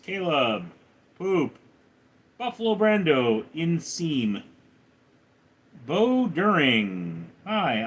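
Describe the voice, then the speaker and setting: A man live streaming, reading viewers' names and questions aloud and answering them in a lower, quieter tone. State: recovering from a hospital stay. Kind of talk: casual live stream chat.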